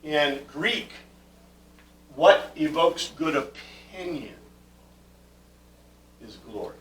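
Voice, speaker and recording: A man leads a Bible study class, explaining word meanings with plenty of ums and restarts. His voice sits a little high for a man. The recording picks him up from a distance, so the room echoes around him. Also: lively intonation, extremely slow. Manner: conversational, with many fillers and restarts, questioning the class. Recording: echoey room, mic far from the speaker.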